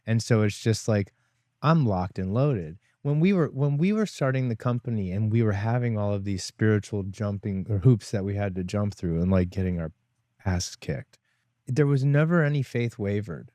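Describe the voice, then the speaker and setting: A man's voice: fairly low pitch, lively intonation, moderate pace, warm tone, no echo, clean studio sound. A man co-founder in casual conversation, talking in a rambling way with many "like" fillers. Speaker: wellness company co-founder.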